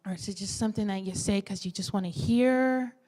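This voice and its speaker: A woman in her twenties preaching a sermon in a church, lively and exhorting, with playful asides. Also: medium pitch, fairly quick. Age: 20s. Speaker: women's ministry speaker.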